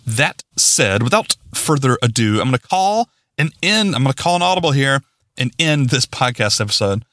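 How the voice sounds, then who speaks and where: A man hosting his podcast alone, rambling and excitable, poking fun at himself as he signs off. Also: medium pitch, normal speed, no room sound, studio quality. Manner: rambling, excitable, self-mocking. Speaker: podcast host. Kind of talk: casual solo podcast sign-off.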